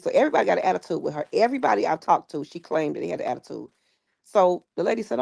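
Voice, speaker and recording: A woman tells a story in a casual, chatty way, jumping into the voices of the people she quotes. Her voice sits on the low side and has a gravelly edge. The sound is dry and close. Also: quick pace, no echo. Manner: animated retelling with quoted voices. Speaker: guest recounting stories.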